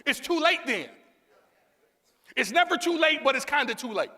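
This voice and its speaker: A man preaching a sermon as pastor, calling on the congregation to answer back and building up to shouts. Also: very high-pitched, sing-song, normal speed, long reverb tail. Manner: call-and-response preaching, rising to shouts. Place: church sanctuary.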